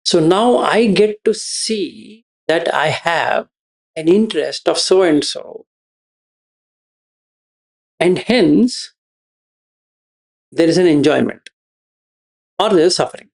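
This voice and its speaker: A man, explaining a meditation teaching to students in a slow, repeating, questioning way. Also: on the high side, animated, gravelly. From India. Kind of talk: dharma talk to students.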